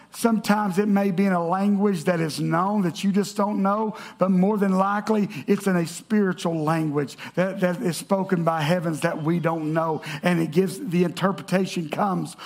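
A man's voice: high voice, moderate pace, vocal fry. A man preaching a sermon, telling stories and reading scripture aloud to a congregation. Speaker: pastor.

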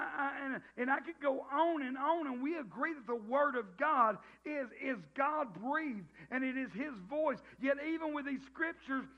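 A middle-aged man with a Southern US accent preaching a sermon in a folksy, joking way, often restarting his sentences. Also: extremely high pitch. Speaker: pastor. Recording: dull lo-fi sound.

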